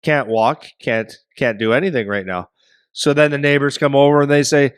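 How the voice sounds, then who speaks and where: Man, middle-aged, podcast co-host, rambling animated storytelling, dry close sound. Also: mid-range voice, moderate pace, clean tone, dry recording. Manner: rambling, animated storyteller who acts out voices. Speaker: podcast co-host and hockey parent.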